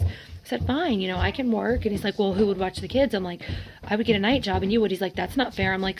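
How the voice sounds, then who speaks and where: A woman's voice: mid-range voice, fairly bright tone. A woman in her forties telling a personal story in a vlog. She vents with strong emotion, often quotes others in dialogue, and is close to tears. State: tearful. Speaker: vlogger.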